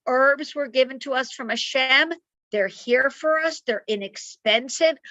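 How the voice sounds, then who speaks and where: Woman herbalist, bright tense voice, dry dull call audio, emphatic lecture tone. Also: high voice, measured pace, no echo. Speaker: herbalist speaker. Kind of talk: online lecture and Q&A.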